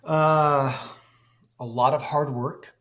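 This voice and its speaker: A man with a stutter gives candid, short, emphatic answers as a podcast guest. His voice sits a little higher than most men's. He talks openly about hard work and speech therapy. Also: steady tone, takes it slowly, a bit bright. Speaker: guest, author. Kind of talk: podcast interview conversation.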